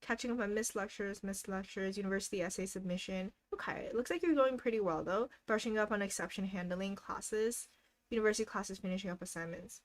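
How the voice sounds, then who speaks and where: A woman's voice: mid-range voice, a little fast. A young woman hosting a casual live stream, cheerfully encouraging viewers and reading out their goals with frequent giggles. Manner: giggles often between remarks. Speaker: livestream host.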